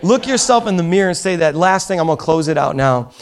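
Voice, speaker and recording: A pastor with a bright, high voice preaches to his congregation. He swings from quiet, intimate asides to fervent, near-shouted appeals. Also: lively intonation, fast. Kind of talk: sermon. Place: church auditorium.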